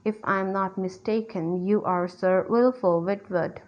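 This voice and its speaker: A woman's voice: mid-range voice, steady tone, a little slow, natural voice. A woman with a Pakistani English accent reading the part of a worldly lady who chides and soothes the men. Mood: chiding. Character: scolding worldly lady peacemaker. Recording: dull lo-fi recording.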